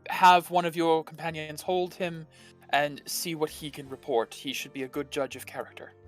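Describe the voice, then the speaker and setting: A man running a tabletop game as game master, narrating and answering players calmly. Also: fairly high pitch, normal speed, faint music behind.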